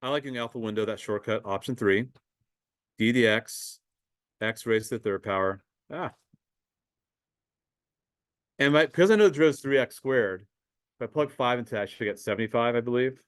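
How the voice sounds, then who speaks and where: A man teaching a high school math class in a casual lecture, talking the students through calculator steps. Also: brisk, long pauses, smooth, poor audio. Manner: casual, talks to students as guys, thinks aloud with fillers.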